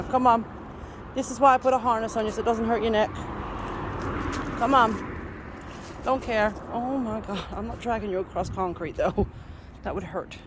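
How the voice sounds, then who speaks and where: A woman outdoors on a street, coaxing her pet along with affectionate, laughing casual talk. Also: fairly high pitch. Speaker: vlogger walking her cat on a leash. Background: faint street and traffic noise.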